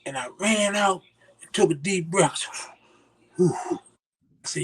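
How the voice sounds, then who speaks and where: A man's voice: sits high, unhurried, pauses often. An older man telling stories as an interview guest, acting out the voices of the people he quotes. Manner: animated, acts out quoted voices. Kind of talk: storytelling in casual conversation.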